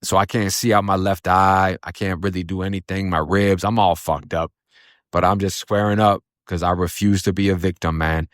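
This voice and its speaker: Low-voiced blunt, profane male storyteller. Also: flat delivery, moderate pace, no room sound, clean studio sound. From Florida. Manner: blunt and profane, with many fillers. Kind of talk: casual spoken storytelling.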